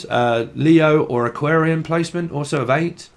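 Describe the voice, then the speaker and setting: A man's voice: fairly high pitch, moderate pace, few pauses. A man giving a casual channelled tarot reading, rambling and free-associating, laughing often and swearing casually. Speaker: tarot reader.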